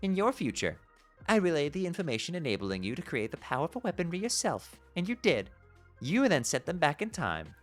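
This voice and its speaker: A man's voice: on the high side, sing-song, a little fast, faint music behind, pitched above the performer's own voice. A man reading aloud as a cryptic, teasing woman in a put-on posh British accent.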